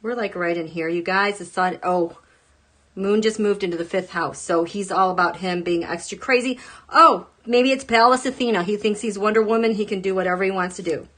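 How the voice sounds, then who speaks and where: A woman hosting a casual live tarot stream, chatty and animated, often laughing and jumping up into high exclaims. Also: fairly quick. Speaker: tarot reader host.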